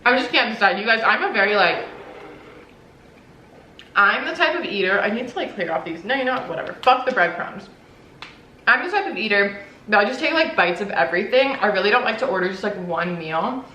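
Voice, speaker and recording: A woman's voice: mid-range voice, animated, a little fast, bright, forceful tone. A young woman YouTuber chatting casually while she eats on camera for a mukbang, swearing now and then. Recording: roomy echo, faint background noise.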